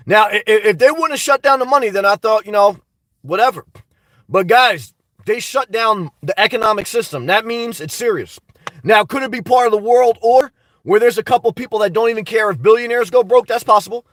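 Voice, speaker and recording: Rambling high-voiced man with a dry cough. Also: fairly bright tone, no room sound, distant mic. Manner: rambling, blunt, talks back to chat comments. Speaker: live-stream host reading viewer comments. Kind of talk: casual live-stream chat. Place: inside a car.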